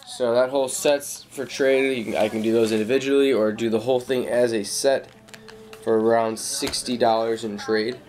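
A young man calmly listing off his trading cards in a casual showcase, with slang and frequent fillers. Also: mid-range voice, moderate pace. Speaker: card collector.

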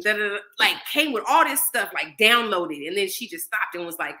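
In a low-quality recording, a guest, a mother in her thirties, recounts something from her own life during a relaxed interview. Her medium-pitched voice moves at a normal speed, and she brings quoted dialogue to life with animated impressions.

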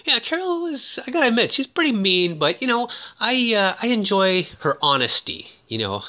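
Man, casual movie recap, lively up-and-down pitch, jokey asides. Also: normal speed, hardly any pauses. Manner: joking, animated asides with frequent "ooh". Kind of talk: casual commentary.

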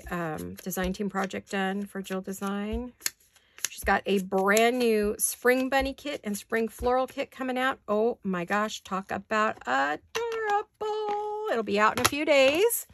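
A woman's voice: mid-range voice, a little hiss or hum. An older woman chatting casually while doing paper crafts at her desk, rambling with apologetic asides. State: hiccups.

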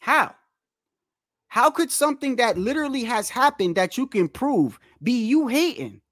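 A man hosting a boxing livestream and ranting in a heated, animated way, repeating himself, swearing often and trash-talking the chat. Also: very high-pitched, normal speed, no room sound, studio quality. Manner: animated, repetitive, trash-talking with frequent profanity.

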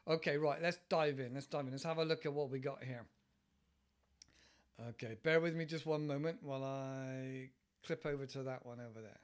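A man's voice: medium pitch, steady tone, normal speed, clean tone. A man hosting a casual learning podcast, chatting and wandering off topic as he explains idioms. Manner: chatty, wandering, self-interrupting. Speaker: English teacher podcast host.

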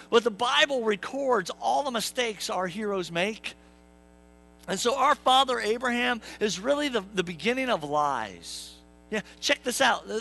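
A man's voice: very high-pitched, vocal fry, bright, forceful tone, poor audio. A male pastor preaching a sermon in a church, conversational and joking, talking to the congregation and acting out quotes in playful voices. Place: church sanctuary.

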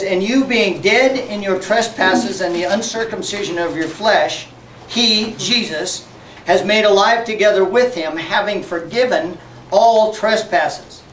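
A man's voice: high-pitched, a bit bright, slight background noise. A man preaching a sermon as pastor, folksy and joking, often laughing. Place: church sanctuary. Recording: echoey church sanctuary, mic from far off.

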